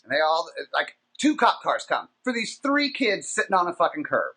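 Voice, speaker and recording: A man hosting a podcast, telling a long, profane anecdote in a casual, animated, rambling way. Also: a little high, normal speed, slightly rough. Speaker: podcast host. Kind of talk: casual storytelling.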